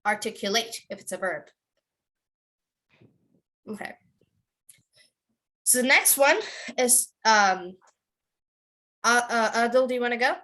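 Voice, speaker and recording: Bright-voiced woman teacher drilling words. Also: on the high side. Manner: repeats each word slowly, coaxing students by name. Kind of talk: online class drill.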